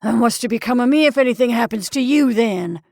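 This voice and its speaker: A woman doing a loud blustering husband. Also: a little high, lively intonation, normal speed, no room sound, clean studio sound. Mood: indignant. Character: indignant selfish middle-aged husband.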